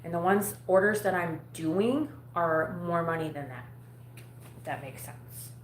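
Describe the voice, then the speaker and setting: A woman rambles bluntly to her live-stream viewers, cursing freely. Her voice sits a little low, and the room around her is echoey, with a faint hum behind it. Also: a little slow. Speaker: vlogger talking to a live audience. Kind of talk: casual live-stream chat. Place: home at night.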